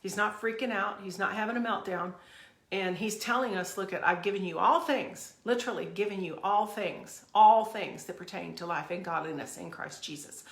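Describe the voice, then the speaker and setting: A woman hosts her own podcast, launching into a fervent, emphatic motivational rant packed with repeated phrases. Her voice is medium-pitched and creaky, at normal speed, recorded in an echoey room.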